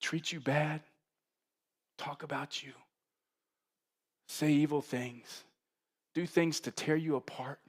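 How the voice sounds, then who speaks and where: A middle-aged man preaching a sermon as pastor, conversational and animated, building up to bursts of emphasis. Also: on the high side, slow, long pauses, breathy edge.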